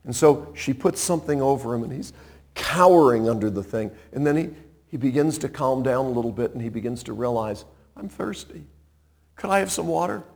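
A man preaching a sermon, retelling a story in a conversational way, with dramatic swings from loud to hushed. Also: medium pitch, fairly quick. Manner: animated, conversational, dramatic shifts in loudness.

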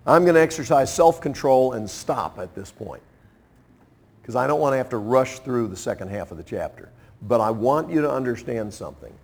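Lively, gravelly man in his sixties preaching. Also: medium pitch, normal speed. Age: 60s. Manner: animated preaching with playful acted-out voices and chuckles. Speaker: pastor. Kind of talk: sermon.

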